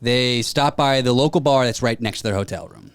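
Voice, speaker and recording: A man's voice: mid-range voice, a little fast, clear, resonant tone, dry recording. A man on a podcast telling a story in casual chat, acting out the people he quotes. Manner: animated retelling with quoted voices. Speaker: podcast co-host.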